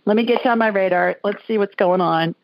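A woman's voice: mid-range voice, fast, creaky, no echo. Chatty woman hosting a call-in show. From Alabama. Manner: chatty, folksy, laughs often. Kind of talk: casual call-in radio chat. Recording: dull lo-fi audio.

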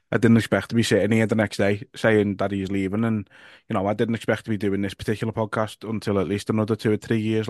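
A man with a Liverpool accent hosting a casual podcast, halting and repeating his words, swearing now and then. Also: fairly low pitch, no room sound, studio quality. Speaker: podcast host.

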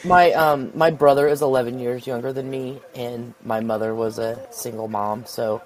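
A man co-hosting a casual podcast chat about a TV show, playful and quick to jump into quoting characters. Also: medium pitch, steady tone, low-quality recording. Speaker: podcast co-host.

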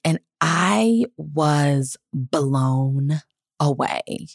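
Low-voiced woman, earnest and heartfelt. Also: lively intonation, drawn-out words, creaky, no room sound, clean studio sound. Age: 30s. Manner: earnest and emotional, reflective. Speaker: podcast host. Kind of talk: heartfelt personal storytelling.

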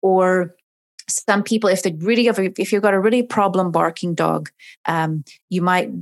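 A woman's voice: fairly low pitch, fairly even intonation, moderate pace. A woman, a dog behavior expert, explaining in an interview and acting out dogs and owners in voices.

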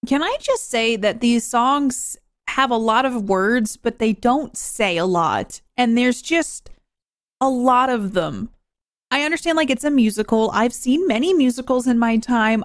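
A woman's voice: on the high side, no room sound, clean studio sound. A woman giving casual reaction commentary on a film, wry, chatty and frankly critical. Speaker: movie reaction vlogger. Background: faint film music.

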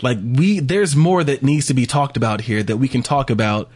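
A man's voice: medium pitch, moderate pace, a little mellow, breathy edge. A man co-hosting a podcast, chatting casually, rambling and laughing often. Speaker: podcast co-host. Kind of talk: casual chat.

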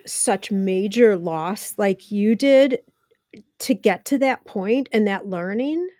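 A woman's voice: mid-range voice, slow pace, warm tone, no room sound. A woman hosts a podcast interview in a medium voice. She encourages her guest and answers with short affirmations. Her voice sounds dry and close. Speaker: podcast host.

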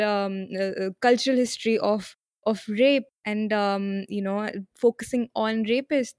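A woman's voice: a little high, darkish tone, no echo, studio quality. A woman podcast host asking questions in a chatty, hesitant way with many fillers. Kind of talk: podcast interview.

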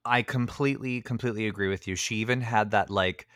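A man's voice: lowish voice, quick pace, no room sound. Male podcast co-host, loose and filler-heavy, recorded dry and close. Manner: chatty, many fillers, animated asides. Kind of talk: casual movie review chat.

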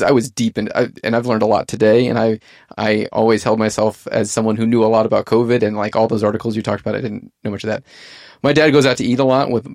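A man hosting a podcast interview, talking in a quick, chatty, conversational way. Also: lowish voice, dry recording, clean studio sound. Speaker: podcast host.

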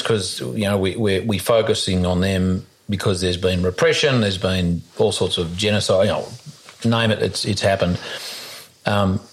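A man with a fairly low voice hosts a relaxed conversation. He is eager and digressive, and often restarts his sentences. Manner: enthusiastic and digressive, stumbling over words. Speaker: host. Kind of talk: casual conversation.

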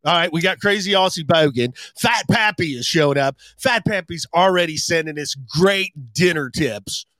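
A man's voice: a little high, moderate pace, few pauses, a bit bright, no room sound. A man co-hosting a comedy podcast, giggly and greeting viewers by name in casual chat. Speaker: podcast co-host.

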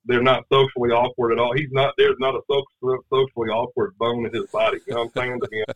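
A guest tells a hunting story in a casual, rambling way, full of fillers and restarts. He has a mid-range, level voice and talks quickly, and the recording sounds dull and lo-fi.

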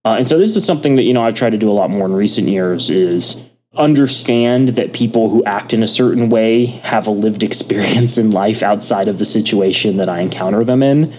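Man, lowish voice, soft murmuring podcast co-host, thoughtful with lots of ums; faint background hum. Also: fairly quick. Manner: soft, drifting into a casual ASMR-like murmur; thoughtful, many ums and restarts. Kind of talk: casual chat, reading from a book.

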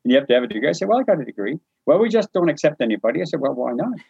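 A New Brunswick, Canada man with a slightly high, gravelly voice races through a personal story from his life, told casually in an interview. Animated, he plays out the dialogue and keeps chuckling. The dry, slightly muffled recording carries a little hiss or hum.

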